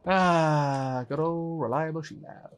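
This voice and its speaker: A man hosting a co-op survival game video, thinking aloud about building and bantering with his teammate, apologetic and quick to giggle. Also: fairly high pitch, a little hiss or hum. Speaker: gaming channel host. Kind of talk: co-op gameplay commentary.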